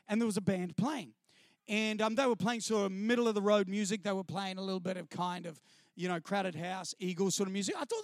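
A man telling a comic story to an audience in an animated way, mimicking people and laughing through his lines. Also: sits high, no room sound, clean studio sound. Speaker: speaker sharing a testimony.

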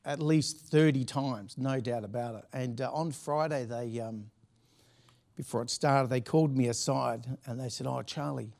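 A man's voice: medium pitch, moderate pace, a little mellow. Chatty pastor, storytelling man. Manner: chatty, storytelling with frequent laughs and restarts. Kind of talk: sermon anecdote.

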